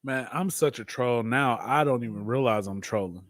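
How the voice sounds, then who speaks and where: A man's voice: medium pitch, moderate pace, no room sound, clean studio sound. A man co-hosting a podcast, teasing the others and acting out stories in casual chat. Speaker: podcast co-host.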